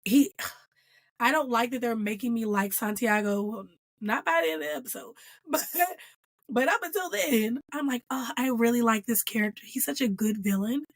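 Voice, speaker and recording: A woman giving a casual, animated reaction review of a TV episode, playful and full of slang. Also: fairly high pitch, normal speed, dry recording.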